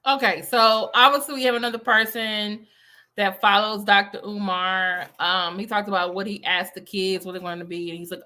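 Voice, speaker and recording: A woman's voice: mid-range voice, fairly even intonation, moderate pace, sharp tone. A woman teacher giving casual reaction commentary, rambling and skeptical. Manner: rambling, many fillers, skeptical.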